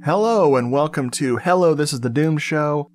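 A man's voice: on the high side, normal speed. Male American podcast host, casual and joking, rambles with fillers. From United States. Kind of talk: casual chat about movies.

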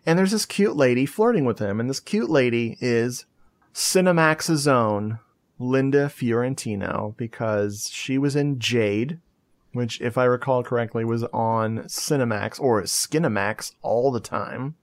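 A man's voice: mid-range voice, a little slow. A man hosting a casual movie review podcast, telling the plot in a chatty way and laughing often. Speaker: podcast host.

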